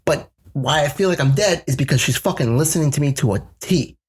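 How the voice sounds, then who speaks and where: A man's voice: on the high side, a little fast, breathy edge. A young man on a podcast telling a long story in casual chat, cursing freely and acting out other people's lines. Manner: profane, rambling, animated retelling with voiced quotes. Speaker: podcast co-host.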